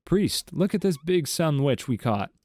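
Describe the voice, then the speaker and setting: A man voicing excited young altar boys, eager and insistent. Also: a little high, measured pace, dry recording, studio quality, voice pushed up.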